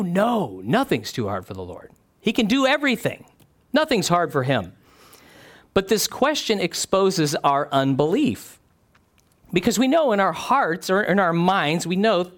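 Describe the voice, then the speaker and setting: Animated male preacher, lively pitch. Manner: animated, acts out quoted voices with sudden drops. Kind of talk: sermon.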